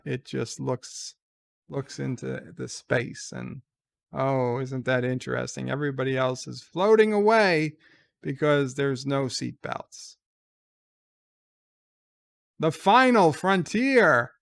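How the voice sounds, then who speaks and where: A man's voice: medium pitch, gravelly, a bit bright. A man giving casual reaction commentary on a trailer, sarcastic and exasperated as he gripes. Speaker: trailer reviewer.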